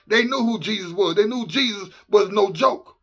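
A man preaching a fervent sermon as a minister, emphatic and repetitive, sometimes rising to shouts. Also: sits high, normal speed, slightly rough, soft background music.

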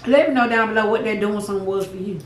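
A woman's voice: medium pitch, racing, reverberant, far from the mic, a little hiss or hum, poor audio. A young woman vlogging to camera while eating, chatting to viewers in a folksy, laughing way with asides like "child" and "baby". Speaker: mukbang vlogger.

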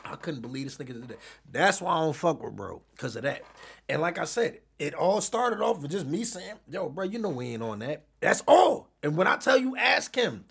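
Animated, gravelly-voiced man telling a story. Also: on the high side, moderate pace. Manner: swings from quiet recounting to loud shouting. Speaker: streamer being interviewed.

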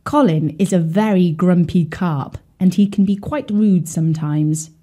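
Woman storyteller, children's tale, slow, mellow, gentle, speaks to listeners. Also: lowish voice. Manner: gentle, confiding, addresses listeners.

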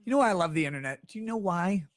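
A man's voice: high voice, lively intonation, rapid-fire, dry recording, clean studio sound. A man on his livestream, reading chat messages aloud and launching into an exasperated, profane, sarcastic rant. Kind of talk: ranting livestream monologue.

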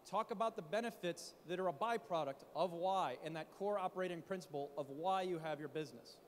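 A man speaking at a conference, coaching founders on pitching in an animated way, full of rhetorical questions. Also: big-room sound, a little hiss or hum. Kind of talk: startup pitch talk. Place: conference stage in a large hall. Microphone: handheld mic.

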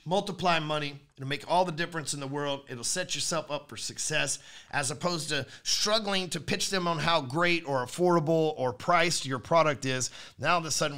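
A man hosting a sales podcast, talking in a brash, profane, rapid monologue. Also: on the high side, bright, forceful tone.

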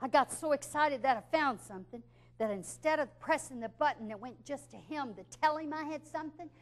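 A woman spins a comic story in a bright, high voice. She talks in a lively, chatty way and laughs through her tale. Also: brisk. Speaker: speaker telling a story.

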